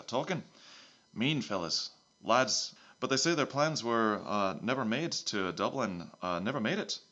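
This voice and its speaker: A man's voice: on the low side, a bit bright, lo-fi sound, close to an everyday voice. A man voicing a bumbling male secret agent who keeps swapping between broad put-on accents, rambling through his mission report.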